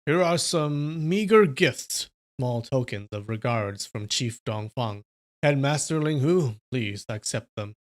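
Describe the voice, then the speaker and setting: A smooth male envoy from a rival sect, speaking low and soft to coax someone into accepting gifts, as a man reading a story puts him on. His voice drops a little below a plain reading voice. It is a livestream storybook reading. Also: lively intonation, slow pace.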